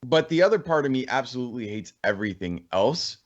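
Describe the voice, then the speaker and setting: A man in a casual podcast chat, animated and rambling as he thinks aloud. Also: medium pitch, fast talker, dull audio. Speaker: podcast co-host.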